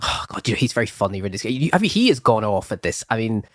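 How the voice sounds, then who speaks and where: Animated rambling male film reviewer. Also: fairly low pitch, fast talker, no echo, clean studio sound. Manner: animated, rambling, acts out quotes. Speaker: film review podcast co-host. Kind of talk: casual chat.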